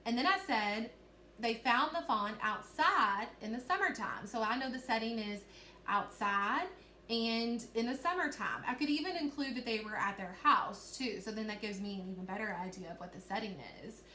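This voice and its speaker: Fairly quick, pushed, and bright, a teacher's slightly high female voice leads kids through reading, explaining steps patiently and checking that they follow along. There's a roomy echo and a faint hiss.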